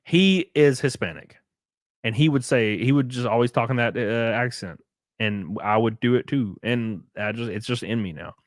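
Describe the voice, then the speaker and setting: Young Southern man, casual streamer, laughs a lot, cusses, close dry sound, average pitch. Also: moderate pace, dry recording. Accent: Southern US (Alabama). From rural Alabama. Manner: rambling, laughs often, swears freely. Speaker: livestreamer and race car driver. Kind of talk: casual livestream chat reading viewer comments.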